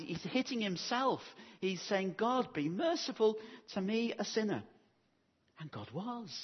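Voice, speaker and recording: A man preaching with a slightly husky, breathy voice that rises and falls a lot, pitched a little high for a man. He talks earnestly and pastorally, tossing in rhetorical questions to his listeners. The recording sounds muffled and lo-fi. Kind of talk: sermon.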